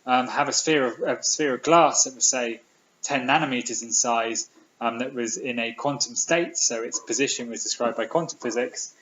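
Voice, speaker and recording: This British lecturer's voice is medium in pitch, moderately paced, and fairly bright, with a touch of hiss or hum. Giving a public physics talk in a lecture hall, he's enthusiastic and full of ums and restarts, captured in a roomy, slightly dull recording.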